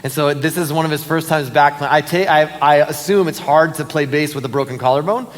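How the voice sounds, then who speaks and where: This pastor's fairly high voice moves along fairly quickly, followed by a long reverb tail in the church auditorium. Casual and lively, he tells stories and makes service announcements, dropping in fillers and laughter.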